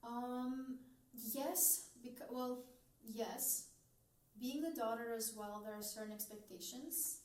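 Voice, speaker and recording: A woman's voice: fairly high pitch, takes it slowly, darkish tone. Podcast co-host, woman in her twenties; rambling casual chat, distant from the mic in a roomy space. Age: 20s. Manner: rambling, heavy use of "like". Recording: faint, echoey, mic off.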